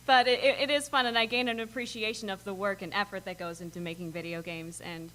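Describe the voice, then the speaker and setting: A woman's voice: mid-range voice, fairly even intonation, a little fast, fairly bright tone, rough recording. A woman voice actress answering questions on a convention panel, friendly with light laughter. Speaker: voice actress guest. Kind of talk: casual convention panel chat.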